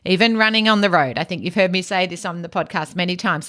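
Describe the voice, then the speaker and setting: A woman with an Australian accent hosting a teaching podcast, giving practical advice in a calm, soft, low-key way. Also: quick pace, few pauses. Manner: practical advice, frequent "you know". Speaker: podcast host and educator.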